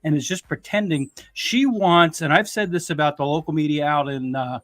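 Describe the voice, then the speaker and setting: A man's voice: on the high side, moderate pace, fairly bright tone, no room sound. A man who is an attorney, giving blunt, emphatic criticism in a casual podcast discussion. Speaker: guest commentator, attorney.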